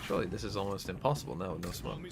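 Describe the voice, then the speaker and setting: A man's voice: low voice, rapid-fire, creaky, noisy background. A man hosting a watch party stream, chatting casually and reacting to the match while joking with his chat. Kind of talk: casual co-streaming chat over esports broadcast.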